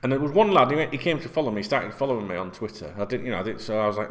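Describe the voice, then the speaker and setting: A man's voice: medium pitch, expressive, rapid-fire, pushed and bright. A man, ranting casually and bluntly to camera as a football vlogger, swearing often and rambling between topics. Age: 40s.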